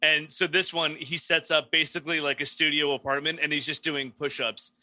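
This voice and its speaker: A man on a comedy podcast, swearing freely and laughing through his stories. His voice sits a bit high and sounds very bright and forceful. The recording is close and dry. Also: flat delivery, a little fast, no room sound. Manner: profane, laughing, storytelling with acted-out quotes. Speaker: podcast co-host. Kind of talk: casual comedic chat.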